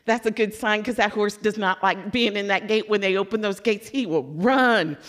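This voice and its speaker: A woman from Louisville giving a sermon as a lively personal story, acting out her own excitement and letdown. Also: medium pitch, moderate pace. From Louisville, Kentucky. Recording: long hall reverb.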